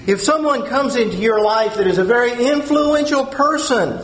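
A man's voice: very high voice, lively intonation, normal speed. A man preaching a sermon, earnest, repeating key phrases and asking his listeners questions. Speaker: pastor. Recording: roomy echo.

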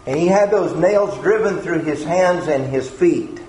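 Speaking at a measured pace, a man with a higher, slightly mellow voice gives an earnest sermon, repeating words often as he searches for how to put things. Faint background noise sits in the echoey room.

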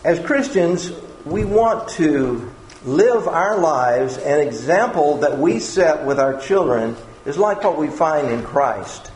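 Male preacher, slightly high voice, slow and earnest sermon delivery, roomy echo. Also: expressive, a little mellow. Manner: earnest, repeats words while searching for phrasing. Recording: echoey room with faint background noise.

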